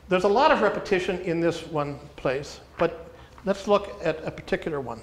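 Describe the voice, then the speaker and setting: A man teaching a small group how to read scripture closely, speaking deliberately and repeating key words for emphasis while asking the room questions. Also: on the high side, expressive, a little hiss or hum. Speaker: teacher leading a workshop for pastors. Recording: echoey room with faint ambience.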